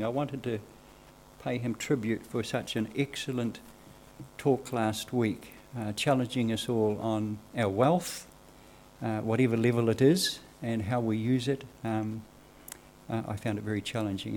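A man preaching a church sermon, reading Scripture aloud in a measured, earnest way. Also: fairly low pitch, a little mellow, a little hiss or hum. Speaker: lay preacher.

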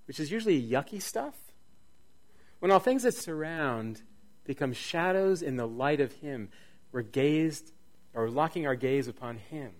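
Dynamic preaching man. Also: fairly high pitch. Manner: dynamic preaching, rising to near-shouts then dropping soft. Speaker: pastor. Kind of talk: sermon.

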